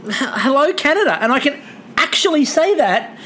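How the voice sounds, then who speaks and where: A woman's voice: high voice, big pitch swings, moderate pace, a bit bright, slight background noise. A woman, hosting a casual chat podcast in a rambling, playful way. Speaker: podcast host.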